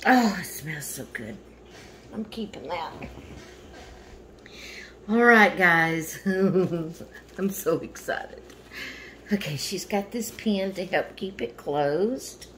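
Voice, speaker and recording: Woman vlogger, unhurried and effusive, noisy home recording. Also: lowish voice, lively intonation, a bit bright. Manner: gushing, repeatedly thanking and exclaiming. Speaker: vlogger unboxing a doll. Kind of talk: casual unboxing chat. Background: household noise, dog barking.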